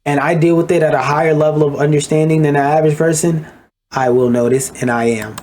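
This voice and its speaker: A man's voice: on the high side, fairly even intonation, quick pace, darkish tone, slight background noise. A man giving a blunt, profane, ranting commentary as he reacts to a video.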